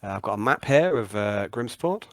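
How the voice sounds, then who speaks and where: Hesitant game master. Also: male voice, lowish voice, lively intonation, normal speed, a bit bright, dry recording. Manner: hesitant, many ums and restarts. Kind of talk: narrating a tabletop game.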